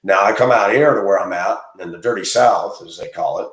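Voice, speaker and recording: A man's voice: sits low, a little fast. A man who drives a school bus, talking in a blunt, rambling, opinionated monologue. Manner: blunt, rambling, gets heated and loud. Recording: echoey room.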